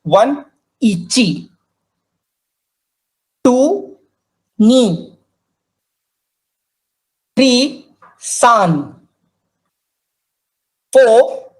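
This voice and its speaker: A woman teaching a language class, repeating each word slowly and drilling pronunciation. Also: fairly high pitch, darkish tone, poor audio. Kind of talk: slow, careful language lesson.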